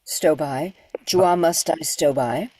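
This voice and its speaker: Woman voice actor repeating words slowly, low raspy voice, dry studio. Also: dark tone, no echo. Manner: repeats words carefully after the director. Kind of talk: recording session chat and pronunciation practice. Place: recording studio.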